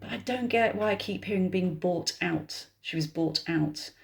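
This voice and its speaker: A woman's voice: lowish voice, moderate pace, gravelly. Chatty British woman reading tarot. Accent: British English. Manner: chatty, thinks aloud, addresses viewers as guys. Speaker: tarot reader. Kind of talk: casual psychic tarot reading to camera.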